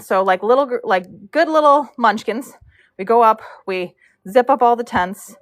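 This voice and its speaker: A woman's voice: fairly high pitch, animated, normal speed. Chatty woman telling a story while braiding. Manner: rambling, chatty, many fillers and asides. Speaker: live streamer braiding hair. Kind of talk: casual storytelling while working.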